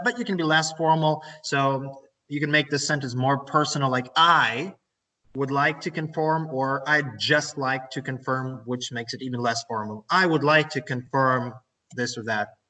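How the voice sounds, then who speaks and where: Ukrainian-accented male English teacher, bright and somewhat high voice, a bit off-mic. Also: steady tone, moderate pace, distant mic, rough recording. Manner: explains and repeats phrases, stresses grammar points. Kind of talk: online lesson lecture.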